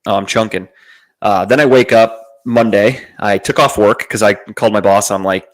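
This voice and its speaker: A young man with a somewhat low voice tells a long casual story on a podcast. He swears freely and rambles, trailing off into fillers and starting over as he goes. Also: normal speed. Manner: profane, rambling, with frequent fillers and restarts. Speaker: podcast host.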